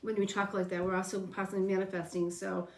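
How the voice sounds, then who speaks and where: A woman's voice: medium pitch, level tone, fast talker, darkish tone. Woman co-host in a roomy space. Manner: earnest, advice-giving, loose phrasing. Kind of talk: casual chat.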